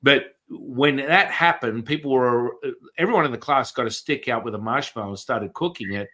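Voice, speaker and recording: A man telling a lively story as a podcast guest, talking casually, swearing, repeating words and restarting sentences often. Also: medium pitch, moderate pace.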